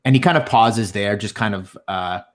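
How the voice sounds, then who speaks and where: A man narrating a tabletop fantasy game as game master, halting often with ums and restarts. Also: fairly low pitch.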